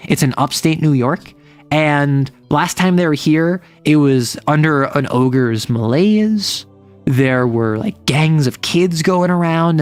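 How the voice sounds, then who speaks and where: A man speaking as a game master, casually recapping his tabletop campaign in a rambling way full of "like"s and restarts. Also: a little high.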